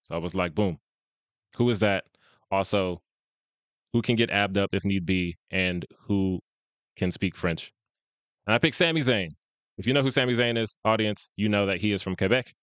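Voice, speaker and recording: A man's voice: lowish voice, fairly even intonation, moderate pace, a bit bright, smooth, no room sound. A man co-hosting a podcast, chatting casually about fan casting and laughing often. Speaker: podcast co-host.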